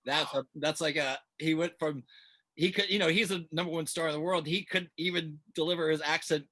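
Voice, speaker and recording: Male interview host, bright and forceful tone, slightly high, chatty and meandering. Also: fairly even intonation, brisk. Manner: chatty, meandering questions, laughs easily. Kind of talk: casual interview conversation.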